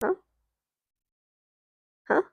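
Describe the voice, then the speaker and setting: Slow rambling woman storyteller. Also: dry recording. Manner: rambling, restarts, chats to viewers. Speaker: streamer. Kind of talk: casual improvised doll story narration.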